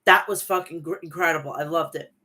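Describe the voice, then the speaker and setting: A woman hosting a wrestling show, giving a brisk play-by-play recap and often correcting herself mid-word. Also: sits low, pushed and bright.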